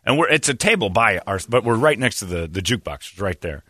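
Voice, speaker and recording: A man's voice: on the low side, very animated, quick pace, sharp tone, no room sound, studio quality. A man hosting a morning radio show, telling a rambling, self-deprecating story in casual chat and laughing often.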